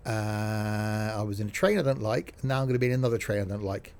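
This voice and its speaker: A man casually commenting while playing a train simulator, chatty and self-mocking, quick to exasperation. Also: lowish voice, a little mellow.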